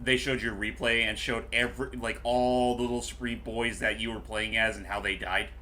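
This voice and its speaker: A young man co-hosting a casual game commentary, talking in an animated way with lots of fillers. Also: fairly low pitch, brisk, slight background noise.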